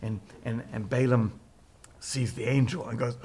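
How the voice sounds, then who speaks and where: A man retelling a Bible story in a casual, animated way, laughing often and breaking into character voices. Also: medium pitch, normal speed, husky.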